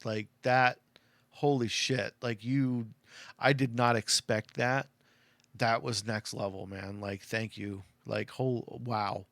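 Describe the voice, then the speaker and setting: A man's voice: on the low side, steady tone, slow pace, gravelly, fairly bright tone, no room sound. Emotional middle-aged man telling a story. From Arizona, USA. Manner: rambling, heartfelt, lots of "like" and "you know" fillers. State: choked up. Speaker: fan telling a personal story. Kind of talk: casual storytelling.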